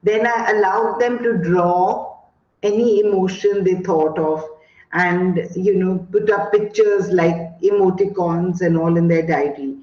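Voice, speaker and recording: A woman from India with an Indian English accent, giving an online teacher training talk and telling classroom stories with many fillers. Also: on the low side. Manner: slow, storytelling, many fillers. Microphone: video call. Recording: echoey dull video call audio.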